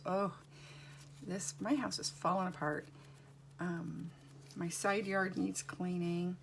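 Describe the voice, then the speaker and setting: A chatty woman talks casually as she works in her home studio, wandering wryly from topic to topic. Her voice sits a little low with a gravelly edge, and faint noise hangs in the background. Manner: chatty, rambling, wry. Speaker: doll artist. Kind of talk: casual chat while working.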